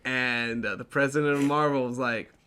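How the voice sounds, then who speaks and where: A man's voice: medium pitch, steady tone, moderate pace, sharp tone, slight background noise. A young man hosting a casual chat show, rambling with fillers and restarts and laughing often. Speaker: podcast host.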